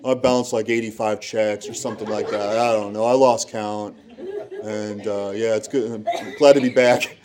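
A man's voice: on the low side, fairly even intonation, moderate pace, crowd noise, lightly acted. An easygoing guy chuckles through his words with a carefree, laid-back manner, as a man puts him on. His voice sounds a little set back from the mic. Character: rowdy repeat-offender man at a seminar.

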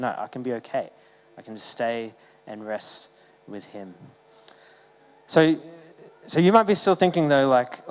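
A man's voice: medium pitch, long reverb tail, rough recording. A man giving a sermon as the church's pastor, talking in a casual, conversational way with many fillers and restarts.

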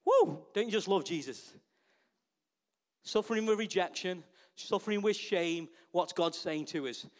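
A pastor with a high voice delivers a lively sermon. He keeps turning to the congregation with rhetorical questions, drawing them in as he preaches. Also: normal speed, pauses often.

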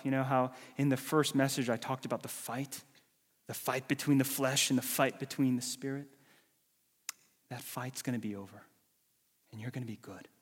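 A man preaching a sermon as a pastor, dramatic, swinging from loud calls to hushed whispers. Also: medium pitch. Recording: long reverb of a large hall.

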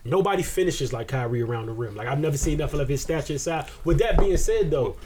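A man's voice: fairly high pitch, animated, fast talker, a crowd in the background. A man co-hosting a podcast, arguing basketball opinions in an emphatic, opinionated way. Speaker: podcast co-host. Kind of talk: casual sports debate.

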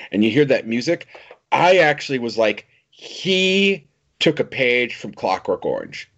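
Man, podcast co-host, lively swooping pitch, laughs a lot, casual swearing, dull lo-fi audio. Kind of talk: casual chat.

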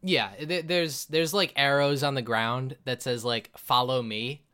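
A man's voice: medium pitch, unhurried, pushed and bright, clean tone. A man narrating a tabletop game as game master, loose and rambling, laughing easily.

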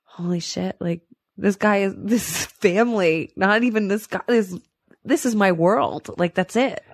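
A woman in casual chat, animated, laughing often and swearing. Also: medium pitch, unhurried, no room sound.

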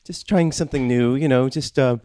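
Mumbling, gloomy, pretentious woman voiced by a man, improv, mellow and dry. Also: mid-range voice, a little fast, no room sound, natural voice. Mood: awkward. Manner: mumbling, hesitant, humming "mm". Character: sad, awkward, pretentious woman. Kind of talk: improv comedy.

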